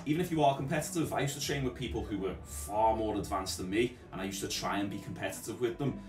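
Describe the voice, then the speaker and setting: A man's voice: lowish voice, quick pace. A man co-hosting a podcast as a gym coach, chatting loosely with lots of "like" fillers. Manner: relaxed storytelling with many "like" fillers. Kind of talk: casual chat. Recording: echoey room, far from mic, music behind.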